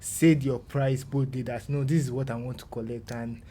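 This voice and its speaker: A man's voice: mid-range voice, fairly even intonation, normal speed, warm tone. A man with a Nigerian accent hosting a podcast, who encourages his guest, laughs often and asks long questions. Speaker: podcast host. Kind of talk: podcast interview.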